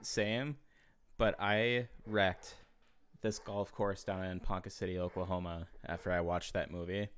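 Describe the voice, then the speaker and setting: A podcast co-host telling a loud story with crude language and laughs. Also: low voice, flat delivery, a little slow, slight background noise. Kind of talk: casual chat, storytelling.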